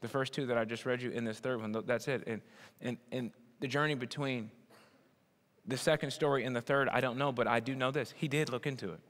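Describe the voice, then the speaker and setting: A man preaching a sermon, swinging from loud emphatic bursts to low, quiet asides. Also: steady tone, brisk, in a large hall. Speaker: pastor.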